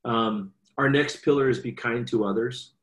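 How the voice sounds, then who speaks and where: A man in his forties telling stories earnestly in a conversational interview, animated as he quotes his children. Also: medium pitch, normal speed. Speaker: guest speaker. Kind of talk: conversational storytelling. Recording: echoey room.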